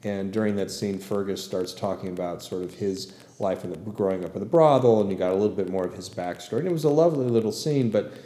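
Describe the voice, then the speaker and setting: A middle-aged man hosting a casual commentary podcast, relaxed and rambling with plenty of fillers. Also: lowish voice, fast talker, hardly any pauses, echoey room. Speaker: podcast host and producer.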